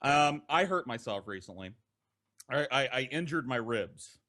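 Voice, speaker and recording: A man hosting a podcast, telling a story from his childhood in a casual, profane, animated way. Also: mid-range voice, a little slow. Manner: profane, animated, with laughter in between.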